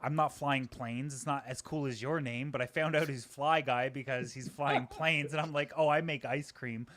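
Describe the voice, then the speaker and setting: A man who is a guest on a live stream, talking from a home microphone in energetic, joking bursts and poking fun at himself. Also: mid-range voice, no echo. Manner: energetic, joking, talks in quick bursts, self-deprecating. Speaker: guest, aquarium YouTuber. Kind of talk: casual live-stream chat. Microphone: home microphone just set up.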